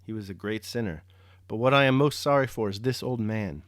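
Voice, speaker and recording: A man reading the lines of a humble old peasant telling a story by a campfire, in a gentle, earnest way. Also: lowish voice, fairly quick, dry recording, studio quality, lightly acted.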